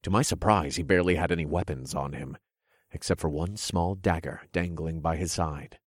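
Man reading a dark fantasy audiobook, really low husky voice, dramatic. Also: moderate pace, no room sound, studio quality. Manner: dramatic, steady storytelling. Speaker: narrator. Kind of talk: first-person audiobook narration.

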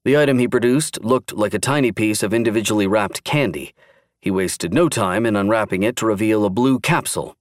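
A man narrating a thriller audiobook in steady, measured scripted narration. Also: lowish voice, dry recording, clean studio sound.

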